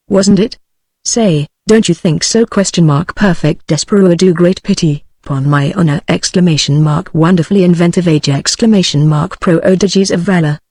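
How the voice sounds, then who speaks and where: A text-to-speech woman's voice with a British English accent, reading out a drawling, affected gentleman. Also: lowish voice, moderate pace, dry recording. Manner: flat synthetic reading.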